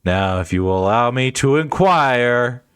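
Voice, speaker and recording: A man voicing a quiet, formal young scholar, speaking in stiff and measured sentences while reading game dialogue on a live stream. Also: medium pitch, lively intonation, clean tone, no room sound, studio quality. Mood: solemn.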